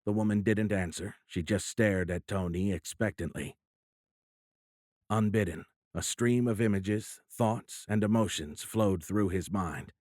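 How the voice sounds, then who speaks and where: A man narrates a novel in a steady, measured delivery. His voice sits low and even. The recording is close and dry, with no room sound. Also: no room sound. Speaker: audiobook narrator. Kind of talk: scripted narration.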